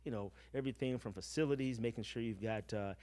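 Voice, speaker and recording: A man's voice: medium pitch, a little mellow. A man on a sports commentary stream, talking casually and laying out team records and background. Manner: measured, explains with stats and history. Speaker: football commentator.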